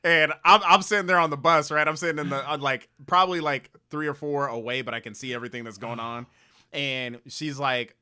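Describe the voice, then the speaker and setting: Smooth-voiced young man telling a story. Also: mid-range voice, brisk. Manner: relaxed storyteller, swears casually. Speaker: podcast co-host. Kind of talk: casual storytelling chat.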